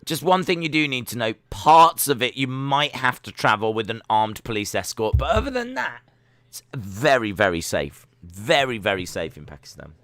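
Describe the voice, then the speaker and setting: Bright, crisp man streaming live. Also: medium pitch, sing-song, moderate pace, no room sound. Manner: chatty, reads search results and chat aloud. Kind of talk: casual live watch-along commentary.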